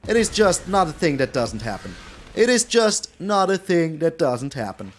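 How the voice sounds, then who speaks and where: High, lively male game streamer. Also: moderate pace. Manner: animated, repeats phrases, frequent mild swearing. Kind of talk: live gameplay commentary.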